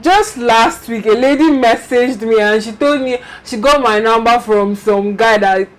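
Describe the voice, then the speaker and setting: A woman's voice: on the high side, measured pace. A young woman hosting a casual chat show, telling stories animatedly and acting out the messages she gets. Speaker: host.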